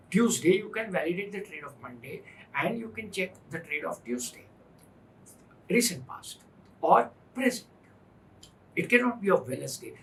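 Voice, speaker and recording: A man's voice: sits high, sharp tone, low-quality recording. A man with an Indian English accent teaching a finance class, stressing points with repetition and rhetorical questions. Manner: emphatic, repeats points, asks rhetorical questions. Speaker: finance instructor. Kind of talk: classroom lecture.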